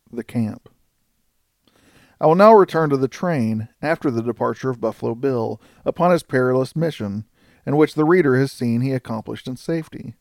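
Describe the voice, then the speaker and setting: A man reading an audiobook in a steady, even way. His voice has a gravelly texture, and the recording is close and dry with no room sound. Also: medium pitch, no room sound. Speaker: audiobook narrator. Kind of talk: audiobook narration.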